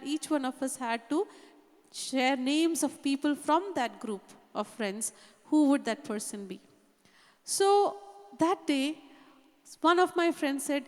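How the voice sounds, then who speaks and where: A woman's voice: high-pitched, a little mellow. A woman preaching, telling a personal story earnestly and often saying "you know". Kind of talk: sermon testimony. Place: church hall. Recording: long reverb of a hall.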